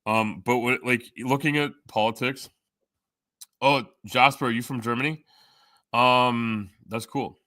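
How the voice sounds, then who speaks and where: A man's voice: medium pitch, fairly even intonation, a little slow, sharp tone, dry recording, studio quality. A man chatting casually on a live stream, reading and answering chat, rambling and joking with frequent swearing and fillers. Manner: many fillers, jumps between topics.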